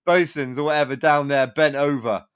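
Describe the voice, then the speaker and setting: A man's voice: medium pitch, brisk, no echo, clean studio sound. A man hosting a podcast, chatting casually with an old school friend, swearing and laughing as he tells stories. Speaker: podcast host. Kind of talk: casual chat.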